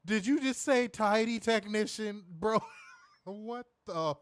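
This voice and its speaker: A man's voice: high voice, takes it slowly. A man co-hosting a live wrestling review stream, casual and profane, laughing often and reading viewer comments aloud. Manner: reads viewer super chats aloud. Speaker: wrestling show co-host.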